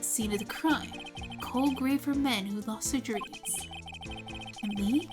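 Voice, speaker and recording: A woman voicing a laid-back, brooding cowboy detective man with a slow, low drawl, over game music.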